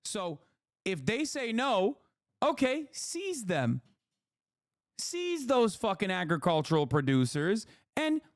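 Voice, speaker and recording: Sarcastic guy streamer ranting about politics, high-ish voice, dry close sound. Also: dry recording. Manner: profane, animated, sarcastic. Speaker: streamer host. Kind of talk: casual political commentary.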